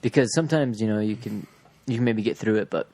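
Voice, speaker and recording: A man's voice: fairly low pitch, fast talker, warm tone, no room sound. A man chatting casually and rambling, swearing and acting out what other people said. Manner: rambling, profane, acts out quoted voices. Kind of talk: casual chat.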